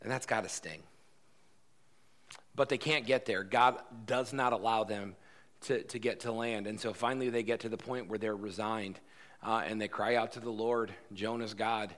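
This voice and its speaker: A man's voice: fairly low pitch, steady tone, normal speed, fairly bright tone. A man preaching a sermon as pastor, emphatic and conversational, acting out quoted lines.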